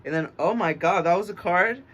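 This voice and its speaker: An American man reading oracle cards in a relaxed, rambling way, speaking in a put-on English accent that he uses to get through a stutter. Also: sits high, brisk, slightly rough, dull audio. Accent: American trying an English accent. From United States. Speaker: oracle card reader. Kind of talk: casual divination reading.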